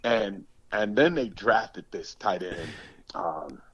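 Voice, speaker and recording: Man in his sixties, low voice, animated emphatic storyteller, dry muffled sound. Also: slow, slight background noise. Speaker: podcast guest, former pro football player. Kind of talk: storytelling interview.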